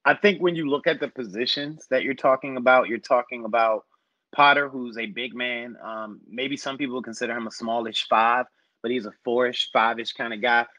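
A man talking basketball in a relaxed, rambling conversational way, musing over players and roster fits. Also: mid-range voice, normal speed, no room sound, lo-fi sound. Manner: thoughtful, rambling with fillers. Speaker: basketball podcast analyst. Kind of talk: casual sports discussion.

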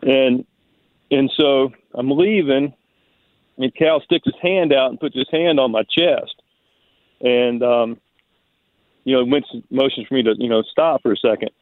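A man's voice: mid-range voice, unhurried, long pauses, no room sound. A man, a baseball manager as a radio guest, telling stories casually with many fillers and restarts. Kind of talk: casual storytelling on a call-in. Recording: tinny phone line, dry.

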